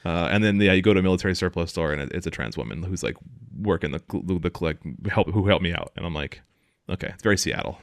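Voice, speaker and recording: A man with a light Louisiana accent talks quickly in a very low voice, a little drunk. He rambles, trails off and starts over in casual podcast chat. The sound is dry and close. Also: no echo.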